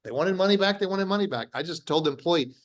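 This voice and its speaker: High-pitched and animated, this middle-aged man talks quickly as a company founder in a relaxed interview. He makes blunt, emphatic points, repeats himself, restarts sentences, and performs the quoted lines in his anecdotes.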